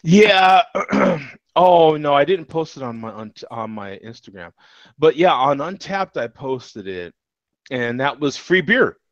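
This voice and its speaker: A middle-aged man telling a story in casual chat. He is animated, laughs a lot and keeps asking "you know what I'm saying" over a video call. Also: medium pitch, measured pace, no room sound. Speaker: regular panelist. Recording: dull lo-fi video call audio.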